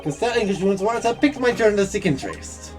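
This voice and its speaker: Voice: medium pitch, lively intonation, fast, darkish tone, faint music behind, natural voice. Streamer voicing a brash young newsman. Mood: eager. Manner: brash, boastful, rambling. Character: excitable young male tabloid journalist. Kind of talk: voice acting a game's dialogue live.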